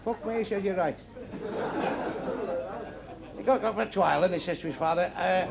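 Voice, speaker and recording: Gravelly man telling crude jokes. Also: sits high. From England. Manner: blunt, crude, rapid joke-telling to a live crowd. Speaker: stand-up comedian. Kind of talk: stand-up comedy routine. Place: comedy club stage. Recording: live club recording with noisy laughing crowd. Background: audience laughter and chatter.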